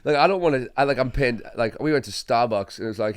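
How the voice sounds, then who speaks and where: A man's voice: mid-range voice, expressive, quick pace, few pauses, clear, resonant tone, no room sound. Young Australian man, comedian guest, laid-back storyteller, casual swearing, dry close sound. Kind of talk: casual podcast chat.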